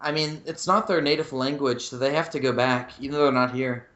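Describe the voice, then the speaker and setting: A man's voice: medium pitch, fairly even intonation, brisk, a bit bright. A man appearing as a guest correspondent on a podcast, making offhand, mocking jokes in casual banter.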